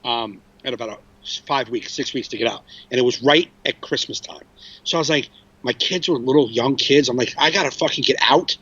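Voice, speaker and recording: A man's voice: mid-range voice, fairly quick, fairly bright tone, slightly rough, dull audio. A man in his forties, a comedian hosting a podcast, telling a story casually with restarts and swearing. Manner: rambling, frequent restarts and swearing.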